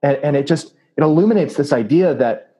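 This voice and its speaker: A man's voice: fairly high pitch, animated, brisk, dark tone, slightly rough, rough recording. A man telling a story in a casual interview, earnest and full of fillers. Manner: earnest, with many fillers and laughs. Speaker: anti-trafficking activist and preacher.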